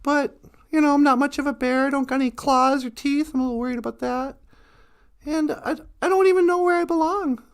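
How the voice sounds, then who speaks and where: Lil teddy bear boy, shy, stammers, worried, high voice, woman voicing him. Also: fairly quick. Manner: hesitant, stammering.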